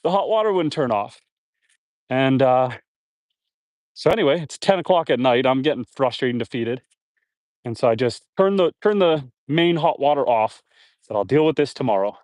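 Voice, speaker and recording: A man's voice: mid-range voice, expressive, normal speed, pauses often, a little mellow, dry recording, studio quality. A man chatting casually on a live stream while doing outdoor chores on his homestead, rambling to viewers and his animals. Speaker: homestead livestreamer. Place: outdoors on a homestead, watering trees.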